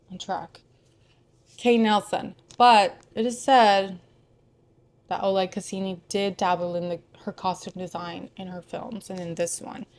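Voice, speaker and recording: Casting: young woman film vlogger, unhurried, chatty, rambling asides. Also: medium pitch, darkish tone. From Houston, Texas. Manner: chatty, digressive, lots of "like" and asides. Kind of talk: casual chat about films.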